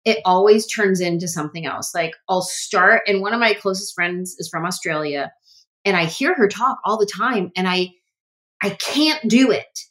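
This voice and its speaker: Woman comedian, podcast guest, animated anecdotes with voiced quotes. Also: medium pitch, normal speed. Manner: animated storytelling, acts out quotes. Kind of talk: casual interview chat.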